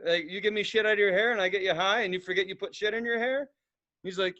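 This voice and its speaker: Telling rambling, profane stories on a podcast he co-hosts, this man imitates everyone he quotes. His voice is high and sharp, his pace quick, and the recording sounds muffled.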